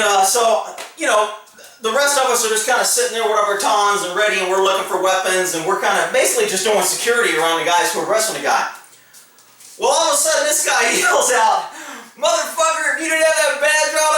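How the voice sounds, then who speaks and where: A man's voice: very high-pitched, sharp tone, very echoey, recorded from a distance, low-quality recording. A man, a former police officer, telling his stories in a casual, laughing, profane way. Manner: laughs often, swears freely, acts out quotes. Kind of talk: casual storytelling to camera.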